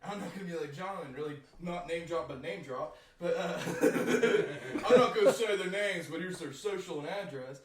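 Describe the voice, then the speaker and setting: A man's voice: fairly high pitch, a little fast, hardly any pauses, a loud crowd. A young man, a guest from a band, telling a long story in a rambling, profane way, laughing often and filling gaps with "like". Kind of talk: casual storytelling. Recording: echoey room, distant mic.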